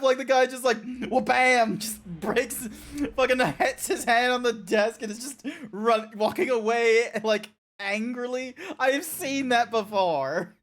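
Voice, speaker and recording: A young Australian man streaming a game, chatting excitably and rambling with frequent laughter. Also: very high voice, measured pace, few pauses. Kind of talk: casual game-stream chat.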